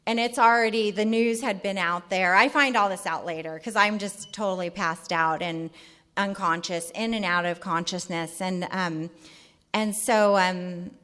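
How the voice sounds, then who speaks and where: Woman, middle-aged, californian, candid, halting, personal recovery story. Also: mid-range voice, steady tone, sharp tone. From California, USA. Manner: candid, halting, lots of fillers. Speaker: speaker at a recovery meeting.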